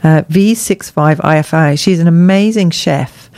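A woman's voice: low-pitched, measured pace, a little mellow, no echo. A woman co-hosting a radio show, chatting in a rambling, giggly way. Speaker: radio co-host. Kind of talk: casual radio chat.

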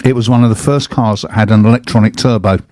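Chatty man, low and dry. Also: fast talker, a little mellow, no room sound. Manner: chatty anecdotes, frequent restarts and laughs. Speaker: host. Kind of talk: casual chat.

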